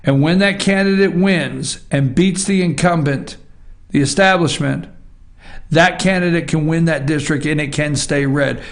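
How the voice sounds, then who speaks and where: A man's voice: fairly high pitch, measured pace. A man hosting a political opinion show, ranting emphatically in an impassioned monologue with repeated refrains. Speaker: talk show host.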